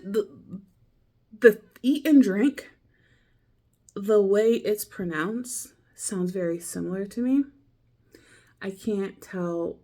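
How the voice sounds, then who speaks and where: Woman, casual diary talk, unhurried, rambling, mid-range pitch. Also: mellow. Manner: thinking aloud, loose and rambling. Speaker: language learner.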